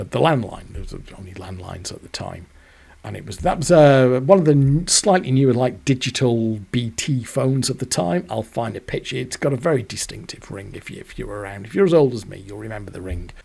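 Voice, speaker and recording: A man's voice: lowish voice, gravelly, darkish tone, slightly rough. A man, telling a rambling, sweary personal story. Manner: rambling, sweary, self-deprecating. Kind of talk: casual storytelling monologue.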